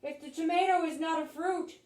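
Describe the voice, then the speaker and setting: A woman voicing Old Man Produce, an ancient and wise male raisin, who speaks in slow, grand, mystical pronouncements. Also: very high voice, steady tone, darkish tone, pitched above the performer's own voice. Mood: solemn. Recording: roomy echo, voice from a distance.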